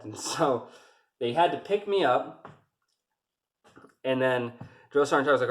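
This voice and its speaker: A man's voice: mid-range voice, normal speed, long pauses. A man telling his own army story in a loose, rambling way, cursing freely and restarting his sentences often. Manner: rambling and profane, with many restarts. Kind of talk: casual storytelling.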